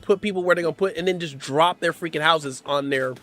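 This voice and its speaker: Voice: mid-range voice, fairly quick, fairly bright tone. A streamer giving casual live-stream gameplay commentary, playful and slangy, often laughing and teasing the chat. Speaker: game streamer.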